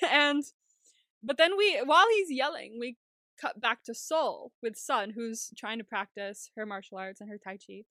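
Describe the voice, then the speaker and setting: Woman podcast co-host, lively casual recap, very dry close sound. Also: on the high side, measured pace, no room sound. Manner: animated, laughs often.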